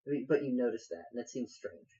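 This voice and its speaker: A man narrating a tabletop game as game master, halting with many fillers. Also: medium pitch, animated, dark tone, dull audio.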